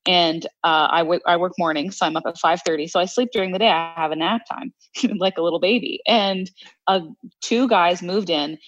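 A woman's voice: on the low side, normal speed, no room sound, dull audio, faint music behind. A woman co-hosting a podcast who tells stories in a wry, laughing way. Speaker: podcast co-host. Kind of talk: casual storytelling chat.

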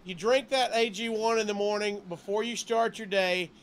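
A man co-hosts a podcast, asking questions and doing an upbeat, casual ad read. His voice sits notably high for a man. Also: fairly even intonation, normal speed, a bit bright, slight background noise. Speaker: podcast co-host.

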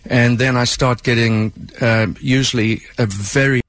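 A man's voice: mid-range voice, fairly even intonation, a little slow, a bit bright, dry recording. A man with a South African accent, a musician and film composer, explaining his work at length in a radio interview.

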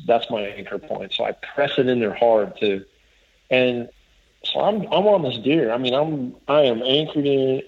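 A man casually telling a long story as a guest, rambling and restarting as he quotes others. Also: medium pitch. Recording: dull lo-fi audio.

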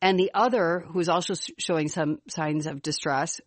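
A woman with a Chicago accent, her voice on the lower side for a woman, co-hosting a podcast. She lays out stories and ideas in a steady, explanatory way. The sound is dry and close. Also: moderate pace, dry recording. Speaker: podcast co-host. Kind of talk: casual parenting chat.

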